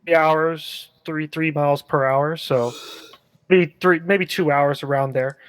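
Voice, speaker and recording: Male game master, casual rambling narration, slightly high voice, dry close sound. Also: unhurried, dry recording, rough recording. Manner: relaxed, rambling, many fillers.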